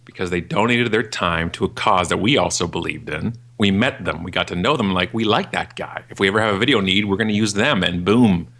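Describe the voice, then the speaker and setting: A man in his forties, a podcast guest and keynote speaker, talking in a ranting, jokey way and acting out other people in a high voice. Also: a little fast, few pauses, a bit bright. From Canada. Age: 40s. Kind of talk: animated podcast interview.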